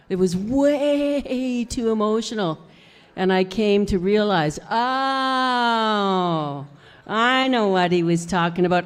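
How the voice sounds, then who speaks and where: A woman singer-songwriter chatting on stage between songs, telling stories and acting out what people said. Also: medium pitch. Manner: expressive storytelling, acting out quotes. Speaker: singer-songwriter performing live. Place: music club, live show. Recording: reverberant live club sound with guitar.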